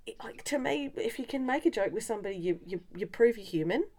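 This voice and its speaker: A woman hosting a casual chat, thinking out loud and laughing easily. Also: fairly high pitch, lively intonation, fast. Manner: warm-hearted, laughs often, thinks aloud with restarts. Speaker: podcast host.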